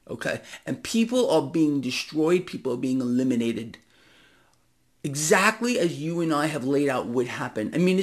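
A man delivering an impassioned monologue to his vlog audience, swinging between loud outbursts and hushed asides. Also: fairly high pitch, creaky. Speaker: financial commentary vlogger. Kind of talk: direct-to-camera ranting monologue.

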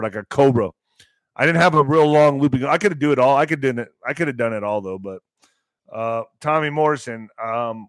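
A male host of a live online commentary show, talking in a rambling, excitable way that sometimes bursts into shouting. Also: medium pitch, dry recording.

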